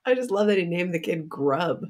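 A woman with a somewhat low voice co-hosts a relaxed book discussion. She talks in a loose, chatty way, often laughing and using filler words. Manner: chatty, full of "like" and quick laughs. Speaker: podcast co-host.

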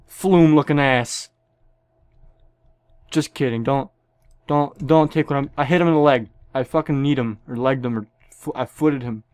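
A man's voice: on the high side, no room sound. A young man giving profane, joking commentary on a shooter game, with sudden yelps. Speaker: gameplay commentator. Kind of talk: casual gameplay commentary.

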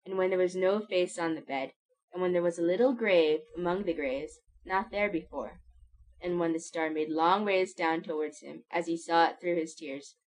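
Soft-voiced woman narrating a story. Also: lowish voice, moderate pace, low-quality recording. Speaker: audiobook narrator. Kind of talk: scripted narration.

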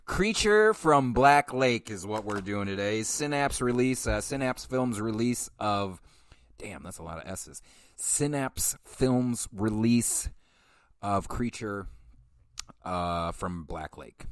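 A man's voice: sits low, dry recording, clean studio sound. A man hosting a film podcast, chatting casually in a rambling, profane way and often correcting himself. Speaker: podcast host. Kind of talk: casual film review chat.

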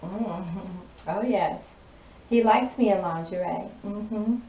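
A woman's voice: mid-range voice, slow pace, far from the mic. A woman, giving a sassy, drawling tarot reading in a spoken channeling style and laughing often. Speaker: tarot reader. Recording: echoey room, voice off-mic, noisy.

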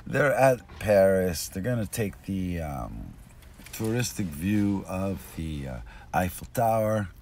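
A man with a low voice tells a rambling, digressive joke outdoors on a street, losing his thread along the way. His delivery is lively, swinging from low mutters to loud bursts. The binaural recording carries a faint wash of street ambience. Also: slow pace, creaky, slight background noise. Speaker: street storyteller. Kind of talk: casual rambling joke-telling.

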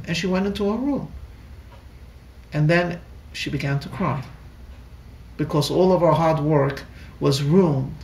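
A man, a rabbi, telling a story in a sermon, halting and repeating words, heard in an echoey room from a distant mic. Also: fairly high pitch. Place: lecture room in a Torah center.

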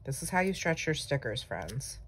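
This planner vlogger has a bass-deep yet fairly bright voice with big swings in pitch, speaking at normal speed. The young woman chats and rambles casually, teasing herself as she decorates a planner, over slight background noise.

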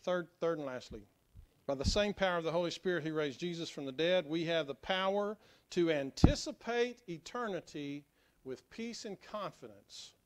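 A middle-aged man preaches from the pulpit, his voice pitched a little high for a man. He jokes lightly with his congregation, then drops into a quiet, earnest tone as he tells stories. His delivery comes in loose, halting phrases. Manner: joking asides, then quiet earnest storytelling. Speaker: pastor. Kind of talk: sermon. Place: church sanctuary.

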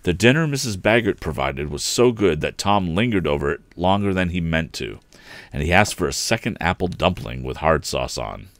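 Deep-voiced man reading a storybook aloud. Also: moderate pace, no room sound. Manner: expressive, voicing each character. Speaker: livestream storyteller.

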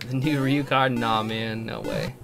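A man live-streaming a video game, chatting with his viewers and gushing thanks, sometimes bursting into shouts. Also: medium pitch, huge pitch swings, measured pace, gravelly, background noise. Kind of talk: live-stream chat while playing. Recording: background music under voice. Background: game music.

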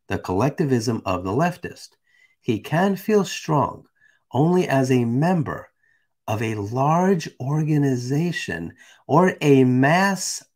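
A man's voice: mid-range voice, darkish tone, breathy edge. A man hosting a live stream, reading a text aloud and chatting casually with viewers. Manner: casual, chatty, asides to the chat.

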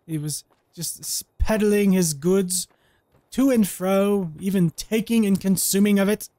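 Man doing a grandiose wasteland avenger: pompous, put-on accent, high and slow, menacing. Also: mellow, dry recording. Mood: scheming. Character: grandiose vengeful male wasteland wanderer, menacing, theatrical. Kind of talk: let's play role-play voice.

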